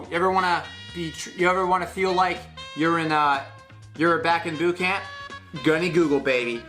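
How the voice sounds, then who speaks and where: A young man hosting a comedy segment, sarcastic and excitable, swinging from loud to soft in a small studio. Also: high-pitched, normal speed, soft background music. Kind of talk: comedic rant. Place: small studio with blue sheet backdrop.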